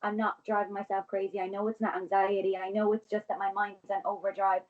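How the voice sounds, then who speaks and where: A woman in her twenties, a podcast guest, talking quickly and earnestly in casual conversation with many restarts. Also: mid-range voice, flat delivery, phone-quality sound. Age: 20s.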